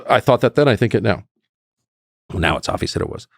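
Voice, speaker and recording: A man's voice: lowish voice, fast talker, creaky, dry recording, clean studio sound. A man in his fifties, a guest telling stories in a conversational interview and acting out quotes. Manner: animated storyteller who acts out quotes.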